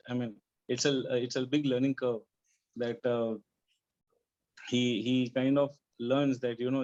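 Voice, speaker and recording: A man of middle pitch tells a spiritual story to a devotional gathering and voices its characters' dialogue as he goes. The sound is dull and lo-fi, like audio from an online call. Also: a little mellow. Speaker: satsang participant telling a spiritual story. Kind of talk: storytelling in a devotional group discussion.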